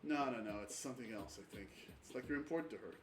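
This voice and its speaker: A man's voice: medium pitch, fast. A man streaming a game with a friend, chatting casually, rambling with many fillers and swearing freely. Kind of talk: casual gaming chat. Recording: roomy echo, distant mic, faint background noise.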